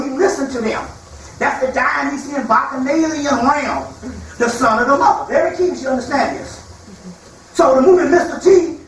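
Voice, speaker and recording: A man's voice: very high-pitched, fairly bright tone. A man giving a spiritual lecture to a live audience, telling stories in a loose, colloquial way and acting out the people he quotes. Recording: echoey hall from far off, faint noise.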